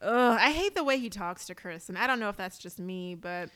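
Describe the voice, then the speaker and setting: Woman podcast co-host, smooth and dry, casual chatty recap with plenty of fillers. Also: medium pitch, expressive, fairly quick, fairly bright tone, dry recording. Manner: chatty, frequent fillers, acts out quotes.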